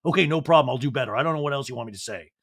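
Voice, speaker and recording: A man doing a low, sulky, grudging husband. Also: very fast, a bit bright, husky. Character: sulky man reality star, grudging and flat.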